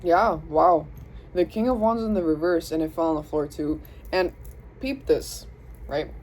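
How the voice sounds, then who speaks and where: A woman's voice: lowish voice, a little slow, a little mellow, a little hiss or hum, low-quality recording. A young woman with a Southern US accent giving a casual, chatty tarot reading, speaking to spirit and her viewers in slangy, self-interrupting talk. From Southern United States. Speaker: tarot reader.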